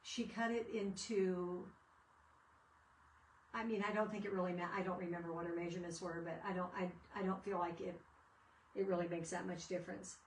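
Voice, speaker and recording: A woman's voice: on the low side, fairly even intonation, fairly quick, slight background noise. Chatty woman in an echoey room. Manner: chatty, rambling storyteller. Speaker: craft video host. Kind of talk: casual crafting chat. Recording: echoey room, mic at a distance.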